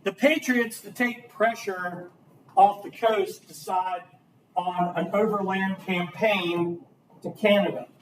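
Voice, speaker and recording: Lively male teacher in a roomy classroom. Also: high-pitched, slow, a little hiss or hum. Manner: lively, asks the class questions. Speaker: history teacher. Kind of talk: classroom lecture. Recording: roomy, distant classroom recording.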